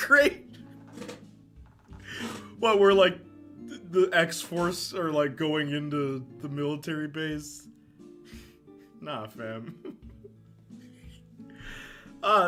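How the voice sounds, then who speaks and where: A young man streaming casual commentary, animated, laughing often and answering chat. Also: a little high.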